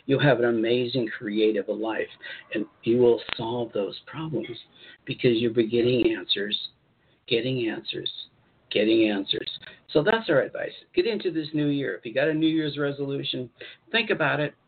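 A man's voice: mid-range voice, normal speed, slightly rough. Man giving spiritual advice over tinny audio. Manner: encouraging, repetitive, reads articles aloud with asides. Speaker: host channeling spirit guides. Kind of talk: casual spiritual advice talk show.

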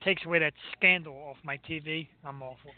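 A man hosting a radio show, his voice sitting a little high for a man. He rambles along in easygoing chat and pokes fun at himself. The sound is thin and tinny, like a phone line. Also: fairly even intonation, brisk, no echo. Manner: rambling, self-deprecating, joking.

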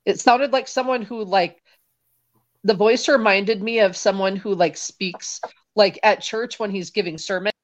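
A woman co-hosting a paranormal chat show, retelling what she heard with excitement. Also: medium pitch, measured pace. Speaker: podcast co-host. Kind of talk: casual chat.

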